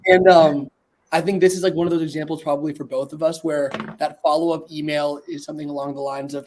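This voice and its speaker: A man's voice: fairly high pitch, little pitch movement, fast talker, a little mellow, slight background noise. A man, a salesman who talks in an upbeat, plain-spoken way and often laughs, over a video call. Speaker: sales rep. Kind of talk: casual sales chat.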